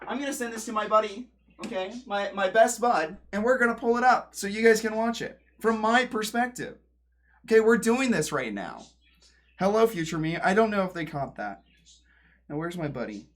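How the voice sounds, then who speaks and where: A man with a fairly high voice talks casually to his livestream chat from a room at home. He rambles and jokes as he goes, and his voice sometimes drifts off the mic when he moves around. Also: expressive, moderate pace, a bit bright. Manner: drifts away from the mic while moving around.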